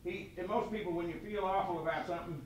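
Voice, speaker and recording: A man giving a quick, folksy devotional talk at a meeting. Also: high-pitched, steady tone, a little hiss or hum. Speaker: state representative giving a devotion. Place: meeting room. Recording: echoey room from far off.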